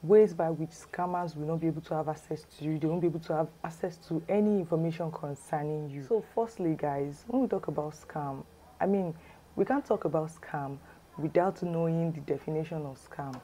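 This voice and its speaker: A woman with a Yoruba accent tells a story in a chatty, exclamatory vlog style. Her voice sits a little low and sounds soft and mellow. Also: fairly quick, a little hiss or hum, rough recording. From Nigeria. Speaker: lifestyle vlogger. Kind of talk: casual storytime.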